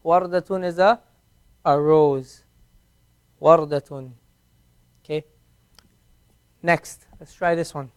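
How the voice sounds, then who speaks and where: High-pitched guy teaching a class, slow and patient, says everything twice. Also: steady tone, darkish tone, clean tone. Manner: patient, repeats words slowly for students. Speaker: Arabic teacher. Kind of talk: classroom language lesson.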